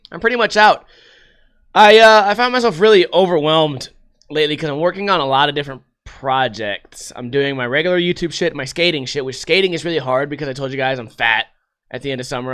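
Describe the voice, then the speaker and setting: A man's voice: on the high side, a bit bright, clean tone. A man hosting a casual solo podcast, rambling and swearing a lot and laughing often. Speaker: podcast host.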